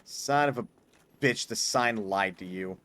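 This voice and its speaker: A man's voice: on the low side, unhurried, fairly bright tone. A man streaming a hard game, chatting casually, swearing often and breaking into mock-grand speeches. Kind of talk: casual gameplay commentary.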